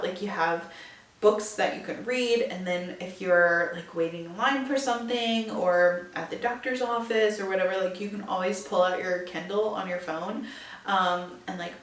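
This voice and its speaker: A woman's voice: mid-range voice, distant mic. A young woman hosting a casual solo podcast, chatty and full of "like"s and fillers. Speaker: podcast host. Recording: echoey room, a bit off-mic.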